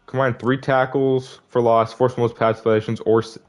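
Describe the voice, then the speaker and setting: A man's voice: medium pitch, flat delivery, normal speed. A young man giving casual gameplay commentary, frustrated and disappointed as he rambles through season stats. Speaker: gaming video creator.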